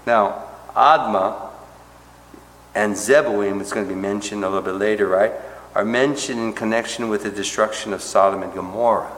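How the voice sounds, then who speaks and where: A low-pitched man preaching in an echoey church hall, where a long reverb trails each phrase. He teaches conversationally, tossing in "right?" and "okay?", and sinks to near-hushed tones at tender moments. Faint background noise sits beneath the roomy sound. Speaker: pastor teaching a Bible study. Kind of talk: expository sermon.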